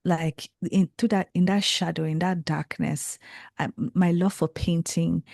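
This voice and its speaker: A young woman with a Nigerian accent speaks as an interview guest, earnest and reflective, with a low, gravelly voice. Her tone is dark and mellow, and the recording is dry with no room sound. She circles back and restarts phrases as she thinks aloud. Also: measured pace, dry recording. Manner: earnest, reflective, animated with frequent self-corrections. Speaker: guest, creative and tarot reader. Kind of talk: casual conversational interview.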